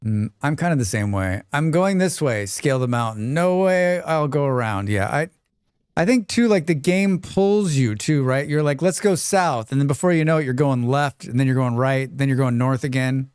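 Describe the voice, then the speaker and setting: Male game streamer, relaxed and rambling, clear dry close voice, reads chat. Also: medium pitch, normal speed, no room sound. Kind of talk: casual live-stream chat while playing.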